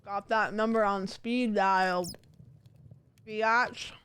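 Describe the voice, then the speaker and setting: A woman's voice: medium pitch, expressive, a little slow. A young adult woman streamer chatting casually during gameplay, goofy and joking with rambling asides. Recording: noisy game stream audio.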